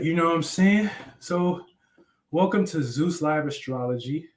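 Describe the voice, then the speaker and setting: A man's voice: fairly high pitch, lively intonation, a little slow, a little hiss or hum. A young adult man hosting a live astrology stream, talking loosely and slangily in rambling explanations. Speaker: astrology livestream host. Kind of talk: casual livestream talk.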